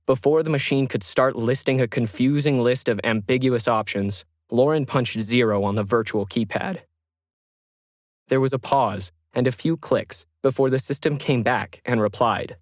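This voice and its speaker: A man's voice: medium pitch, normal speed, dry recording. Man reading a story, dry sound. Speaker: narrator. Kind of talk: scripted narration.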